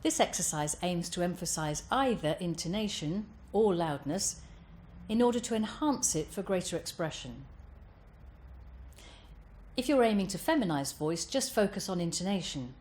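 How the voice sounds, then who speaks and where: A woman coaching voice exercises, giving measured, clear step-by-step instructions. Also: lowish voice, expressive, darkish tone, slight background noise.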